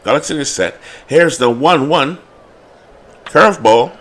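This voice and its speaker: Animated London man calling baseball. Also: medium pitch, moderate pace. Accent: London English. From England. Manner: rises to excited calls on big hits. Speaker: play-by-play commentator of a tabletop baseball replay. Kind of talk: livestream play-by-play commentary.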